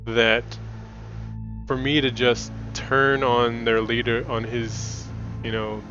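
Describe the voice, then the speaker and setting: A man's voice: mid-range voice, flat delivery, slow, lo-fi sound, music in the background. A man streaming a video game, chatting casually and thinking aloud with many restarts. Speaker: gaming streamer. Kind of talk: casual let's-play commentary.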